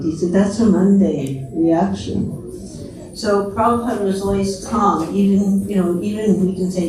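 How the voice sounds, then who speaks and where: A woman's voice: medium pitch, noisy background. An older woman giving an anecdotal devotional talk, telling her stories conversationally with small chuckles in between. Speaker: speaker at temple festival. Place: large temple hall. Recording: echoey hall, voice from far off.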